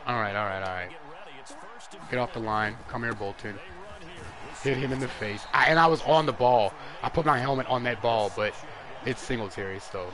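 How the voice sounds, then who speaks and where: A young man commentates a football video game on a live stream, trash-talking throughout and shifting between muttering and yelling. His pitch is medium.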